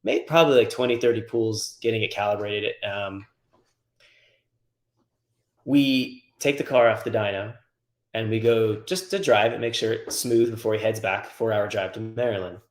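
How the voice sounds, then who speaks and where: Profane, animated storyteller in an echoey room. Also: male voice, fairly low pitch, moderate pace. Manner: profane, animated anecdote-telling. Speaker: guest, car tuner. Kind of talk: casual storytelling.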